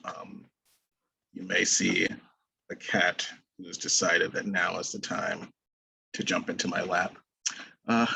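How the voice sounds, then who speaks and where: Man poet and teacher, lowish voice, halting, dry close sound. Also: creaky, a bit bright, husky, dry recording, rough recording. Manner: halting, with many fillers. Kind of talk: poetry reading introduction.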